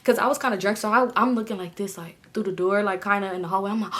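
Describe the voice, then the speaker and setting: A woman in her twenties telling a story casually to camera, animated and swearing freely, jumping up in pitch when she acts out other people. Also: fast. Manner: swears freely, talks straight to viewers. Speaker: storytime vlogger.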